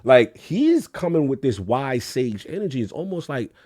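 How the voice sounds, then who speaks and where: A mid-pitched man talks games in loose, slang-filled banter on a podcast. He gets animated and jumps up and down in pitch when he acts out what friends said. His delivery is casual and fast-flowing. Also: no echo, clean studio sound. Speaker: podcast co-host. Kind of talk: casual gaming podcast chat.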